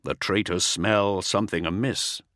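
A man playing a stern male war leader in an audiobook, giving firm, measured commands. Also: low-pitched, steady tone, fairly bright tone, dry recording, studio quality. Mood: commanding.

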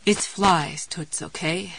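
Reader voicing a tired, sardonic no-nonsense inner voice. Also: female voice, fairly low pitch, fairly even intonation, slow, fairly bright tone, slight background noise, rough recording. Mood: sardonic, weary. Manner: wry, sardonic, weary.

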